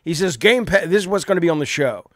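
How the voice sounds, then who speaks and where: A man hosting a livestream, swearing heavily and swinging from low mumbled asides to loud indignant rants. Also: animated, racing, no echo, clean studio sound. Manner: heavy swearing. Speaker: livestream host. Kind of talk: profane livestream rant.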